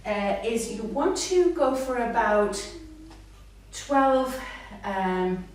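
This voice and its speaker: A woman speech therapist giving a live talk to parents, animated, acting out words in a sing-song voice. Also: fairly high pitch, drawn-out words. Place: hall with a live audience. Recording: echoey room, mic far off, faint noise.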